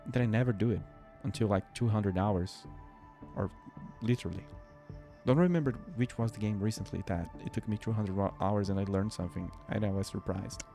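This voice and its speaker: A low, dark voice with vocal fry moves at a brisk pace as this Brazilian streamer, a native Portuguese speaker, sleepily chats his way through gameplay. He rambles and cuts himself off mid-sentence while faint game music plays.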